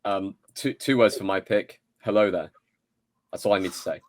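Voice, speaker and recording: A man co-hosting a casual film podcast, laid-back and quick to laugh. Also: on the low side, no room sound. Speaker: podcast co-host.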